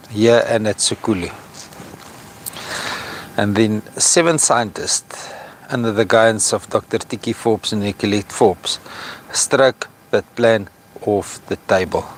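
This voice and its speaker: A South African man vlogging outdoors at an estuary, speaking earnestly and with feeling, slowing down to stress his points. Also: lowish voice. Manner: earnest, impassioned, slow when stressing points. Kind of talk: outdoor vlog commentary.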